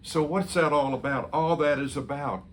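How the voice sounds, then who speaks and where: A man's voice: fairly high pitch, normal speed, a bit bright, a little hiss or hum. A man speaking as a pastor, earnestly telling a story in a sermon and quoting what he said to someone. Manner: earnest, quoting his own words to others.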